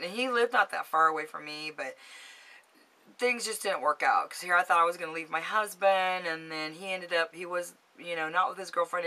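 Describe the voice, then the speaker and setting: A woman chats to her camera in a casual storytelling vlog, her voice sitting slightly low yet bright and edged. She is gossipy and animated, acting out each side of a conversation. She drops casual swears and keeps giggling through the tale. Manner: chatty, gossipy, acts out both sides of conversations. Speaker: vlogger.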